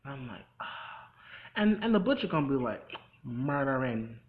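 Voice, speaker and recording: A man's voice: a little high, sing-song, a little fast, darkish tone, low-quality recording. A young man hosting a casual recap of a TV episode, chatty and full of sassy asides. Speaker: host.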